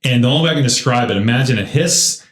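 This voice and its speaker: A man hosting a church podcast, telling a story in a lively, casual way and laughing often. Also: medium pitch, fast. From United States. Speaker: podcast host. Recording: roomy echo.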